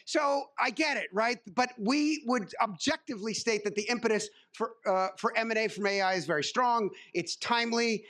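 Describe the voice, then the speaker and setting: A man is delivering a keynote on a conference stage, and his voice sits high for a man. He talks in a loose, wry way, breaking off for jokes and dotting his sentences with "uh". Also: moderate pace, hardly any pauses, a bit bright. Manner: wry, joking asides with frequent uh fillers. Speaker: keynote speaker.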